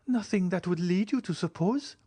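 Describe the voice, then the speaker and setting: A man doing an eager young woman, pleading high. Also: moderate pace, dark tone, slightly rough, no room sound. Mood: distressed. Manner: raised, breathless pleading. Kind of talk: audiobook character reading.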